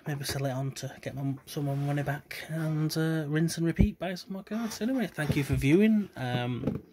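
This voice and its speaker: A man giving subdued, self-deprecating commentary while opening trading cards, with low-key delivery and trailing hesitations. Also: normal speed, a little mellow, a little hiss or hum. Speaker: card collector vlogger. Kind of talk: casual card-opening commentary.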